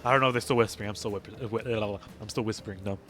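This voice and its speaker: A man's voice: fairly low pitch, steady tone, very fast, a bit bright, slight background noise. A man streaming a game, reading it aloud and reacting with crude, swear-heavy mock outrage.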